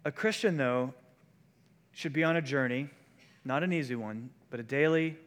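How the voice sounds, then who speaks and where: A man's voice: mid-range voice, moderate pace. A man preaching a sermon as pastor, in a conversational style that moves into quoted voices. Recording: long hall reverb.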